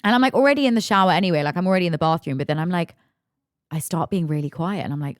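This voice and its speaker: A young woman hosting a podcast, telling a story in a lively, emphatic rush and cursing freely. Her voice sits a little low for a woman. The sound is dry, with no room echo. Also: rapid-fire. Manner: animated, emphatic, swears freely. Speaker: podcast host. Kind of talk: casual storytelling.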